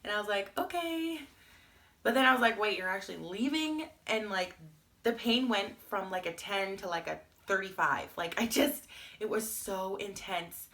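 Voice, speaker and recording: A woman's voice: medium pitch, moderate pace, bright, forceful tone. A young woman vlogger telling her story in a chatty, candid way, full of "like" fillers. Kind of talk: casual storytime vlog.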